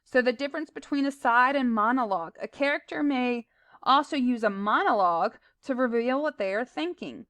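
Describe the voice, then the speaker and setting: Smooth-voiced woman teaching. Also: sits high, expressive, moderate pace, fairly bright tone, no echo. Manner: explains plainly, with fillers and asides. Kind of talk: recorded slide lesson.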